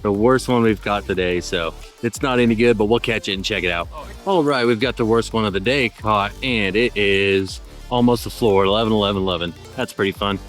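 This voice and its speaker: A man with a fairly low voice gives casual play-by-play on his own game channel. He sounds upbeat and chatty as he reacts to each result, and soft music plays faintly underneath. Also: brisk. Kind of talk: casual gameplay commentary.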